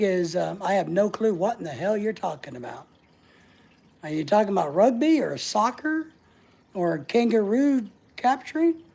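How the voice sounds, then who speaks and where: A woman's voice: mid-range voice, creaky, mellow. Playful woman hosting a livestream. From United States. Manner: playful, teasing, laughs often. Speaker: livestream host. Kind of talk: casual livestream chat reading viewer comments.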